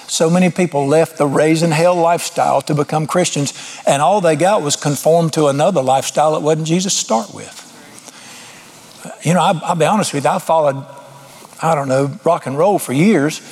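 A middle-aged man preaches in a loose, folksy way. His voice sits fairly high and sounds husky. He is blunt, jokes at his own expense, and his voice jumps up when he drives a point home. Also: darkish tone. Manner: folksy, blunt and self-deprecating, with sudden emphatic rises. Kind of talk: informal sermon.

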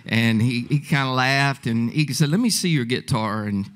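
A man's voice: mid-range voice, normal speed. A man telling the story of becoming a songwriter, in a folksy way, acting out the people he quotes. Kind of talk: storytelling testimony.

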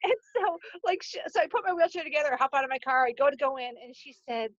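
A woman's voice: sits high, rapid-fire, a bit bright, no echo. A woman in casual chat, talkative with many fillers, laughing easily. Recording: dull lo-fi dry sound.

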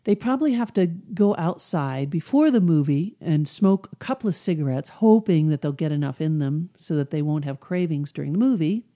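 A middle-aged woman with a lowish, warm and mellow voice talks through ideas in a relaxed, conversational way. She hosts her own podcast and now and then slips into quick acted inner voices. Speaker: podcast host, hypnosis coach. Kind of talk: casual teaching monologue.

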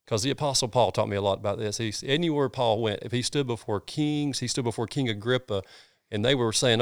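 A man's voice: medium pitch, fast talker, smooth, dry recording, clean studio sound. A middle-aged man from North Georgia with a Southern accent, an earnest pastor telling his story in a casual interview with folksy sayings. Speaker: pastor, guest.

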